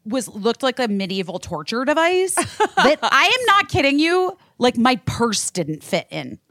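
A woman from the United States hosting a podcast, telling a story in a profane, animated rant. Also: sits high, measured pace, no echo, clean studio sound. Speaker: podcast host. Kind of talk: casual podcast chat.

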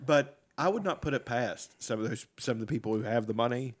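A man in casual podcast chat, swearing freely, laughing often, and slipping into loud impressions. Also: medium pitch, brisk.

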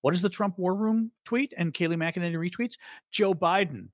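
A man co-hosting a podcast, talking in a sarcastic, animated way and mocking the voices of the people he quotes. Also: high-pitched, normal speed, no room sound, studio quality. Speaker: podcast co-host. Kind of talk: casual political chat.

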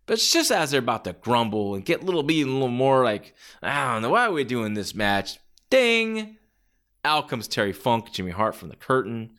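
Male, casual monologue, rambling and animated, mid-range pitch, slips into shouted impressions. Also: fairly quick, few pauses. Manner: rambling, animated, acts out quotes in a raised shouty voice. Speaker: wrestling fan commentator. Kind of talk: casual podcast-style monologue.

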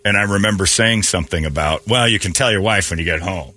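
A man hosting a morning radio show, telling animated stories and acting out the people in them in a casual, joking way. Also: low voice, quick pace, dry recording. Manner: animated storytelling with laughs and acted-out quotes.

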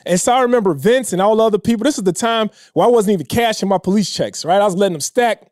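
A man in his thirties telling a personal story in a casual, emotional way, dropping low and quiet when he quotes others. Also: quick pace, dry recording, studio quality. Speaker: podcast guest.

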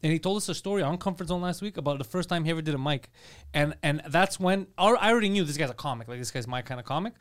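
A man co-hosting a podcast in casual chat, telling stories excitedly and swearing often. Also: a little high. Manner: excitable, fast storytelling with swearing. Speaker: podcast co-host.

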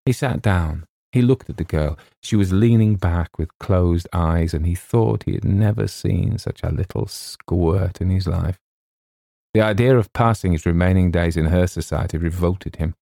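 A man reading a comic story aloud in a measured, wry narration. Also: deep voice, gravelly, mellow, dry recording, clean studio sound. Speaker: audiobook narrator. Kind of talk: scripted narration.

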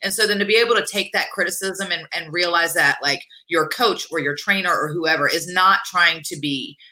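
A woman's voice: on the low side, fairly quick, sharp tone. A middle-aged woman guest speaking frankly in a rambling, casual way with many fillers. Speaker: guest, wrestler. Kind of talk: casual interview chat.

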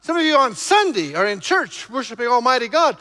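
A male pastor preaching emphatically to his congregation, shifting between loud exhortation and low, intense passages. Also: big pitch swings, a little fast, big-room sound. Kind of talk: preaching a sermon.

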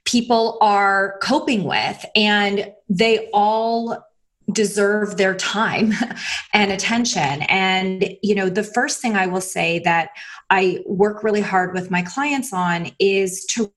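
A woman's voice: mid-range voice, steady tone, takes it slowly, a bit bright. Chatty woman coach giving advice. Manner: chatty, filler-heavy, laughs between phrases. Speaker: guest coach who works with clients. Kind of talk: casual conversational advice.

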